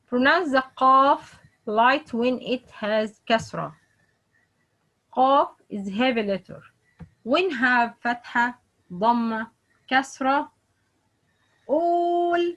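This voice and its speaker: A woman teaching Quran recitation in slow, repetitive English with phrasing. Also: on the high side, a bit bright, rough recording. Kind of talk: online lesson.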